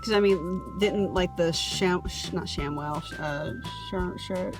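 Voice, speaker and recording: A woman co-hosting a movie chat, relaxed and chatty, often restarting her sentences. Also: fairly low pitch, unhurried, over music. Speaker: co-host.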